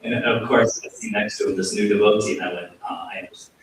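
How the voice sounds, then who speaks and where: A man's voice: on the low side, fast talker. Male yoga teacher, temple talk, self-deprecating storyteller; big hall echo, mic set far back. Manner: self-deprecating, animated storytelling with acted quotes. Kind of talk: sermon with storytelling. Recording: very echoey hall, distant mic, faint hiss.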